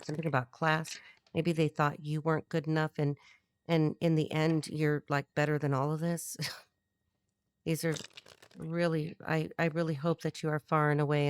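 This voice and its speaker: A woman's voice: low-pitched, a little mellow, smooth. A middle-aged woman giving a channeled tarot reading, blunt and rambling, thinking aloud with many restarts. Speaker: tarot reader.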